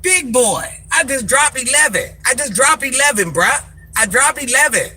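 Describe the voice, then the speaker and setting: A woman's voice: high voice, lively intonation, moderate pace, bright, forceful tone, breathy edge. An older woman, a social media personality, scolding commenters in a sassy, confrontational live rant, repeating her insults for emphasis.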